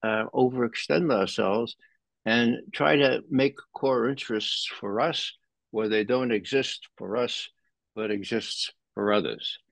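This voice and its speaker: A man commenting as a guest in an interview, animated and sardonic, rising sharply in pitch when he stresses a point. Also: a little slow, gravelly, dry recording. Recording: dull lo-fi dry sound.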